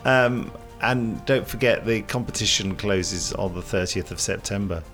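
A man's voice: fairly low pitch, measured pace, a bit bright, faint music behind. A man co-hosting a podcast in casual chat, joking and laughing often. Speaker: podcast co-host.

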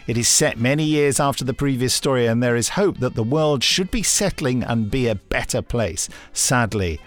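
A man co-hosting a podcast, his voice sitting at an everyday pitch. He reads listener mail in a loose, jokey way, breaking off to laugh at his own asides, with faint music underneath. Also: lively intonation, moderate pace. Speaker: podcast co-host. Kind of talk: casual chat, reading listener emails.

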